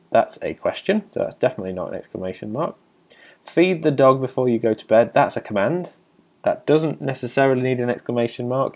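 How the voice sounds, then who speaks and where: A man's voice: mid-range voice, darkish tone. A man working through a primary school grammar test as a teacher. He reads each question aloud and then explains the answer step by step. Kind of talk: test walkthrough lesson.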